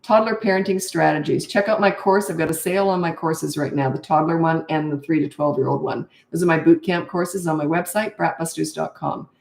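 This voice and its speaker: A woman's voice: fairly even intonation, fairly quick, gravelly, few pauses. An older woman coaching parents in a live question-and-answer session, direct and matter-of-fact. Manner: direct, matter-of-fact advice, acts out kids in high voices. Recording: echoey room.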